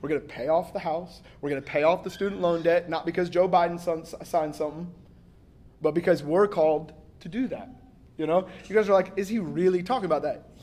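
A man with a fairly high voice gives a church sermon in a loose, conversational way. He jokes often and acts out little exchanges of dialogue as he goes. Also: fairly even intonation, brisk, darkish tone. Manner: casual, joking delivery with acted-out quotes and frequent 'like'. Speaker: pastor.

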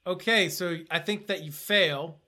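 A man's voice: high-pitched, measured pace, bright, forceful tone. A man acting as game master in a casual tabletop game, playful and chatty. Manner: playful, chatty, hesitant restarts.

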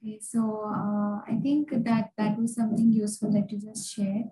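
A woman's voice: mid-range voice, flat delivery, normal speed, warm tone, reverberant, poor audio. A woman interviewing a guest, asking her questions hesitantly with many fillers.

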